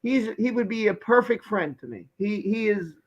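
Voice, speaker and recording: A man's voice: high voice, animated, moderate pace, poor audio. A man with a Brooklyn accent hosting a live stream chat, talking emphatically and effusively, often repeating himself. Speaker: host.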